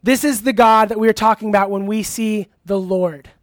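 A relaxed youth pastor preaching to a live group in a church hall, often stopping to ask questions and take answers. The voice sits at a middle pitch, and the talk is loose and full of fillers. The recording is dry and close, with almost no room echo. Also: moderate pace. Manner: casual, chatty, asks the audience questions; laughs easily, uses many fillers. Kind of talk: interactive sermon.

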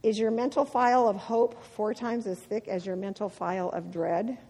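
This women's ministry speaker is a middle-aged woman with a husky, mid-range voice at normal speed. Her devotional talk is full of animated personal stories and lots of laughing, and the hall adds long reverb.

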